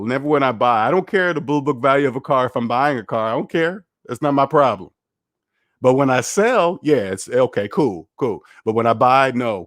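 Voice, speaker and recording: A man's voice: mid-range voice, a bit bright, dry recording, clean studio sound. A man hosting a finance livestream, rambling and candid as he reads the chat aloud and chats casually.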